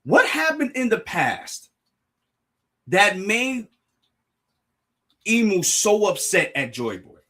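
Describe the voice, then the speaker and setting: An excitable young man streams his reaction live, often restarting sentences and apologizing to his viewers. His voice sits high for a man and swings widely in pitch. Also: takes it slowly, long pauses. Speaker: streamer reacting to a manga chapter.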